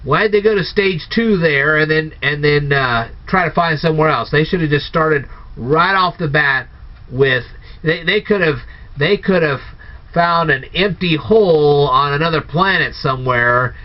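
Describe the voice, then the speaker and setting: A man's voice: on the high side, normal speed. A man giving a casual spoken movie review, firing off incredulous, sarcastic rhetorical questions. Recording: dull lo-fi recording.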